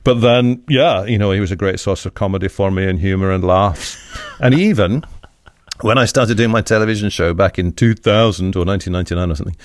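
Man, middle-aged, very low voice, rapid chatty storytelling, radio interview guest. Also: dry recording. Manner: chatty, anecdotal, rambling with restarts.

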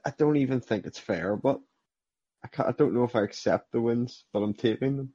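A man's voice: mid-range voice, brisk, mellow, slightly rough, no echo, highs cut off. A man appearing as a guest racing driver, speaking modestly and hesitantly in casual chat.

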